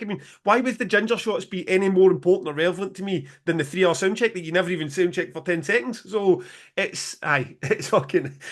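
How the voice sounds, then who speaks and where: A middle-aged Scottish man with a fairly high voice spins sweary, animated stories on a podcast. He laughs often as he talks. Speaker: podcast co-host, music promoter. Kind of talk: casual storytelling chat.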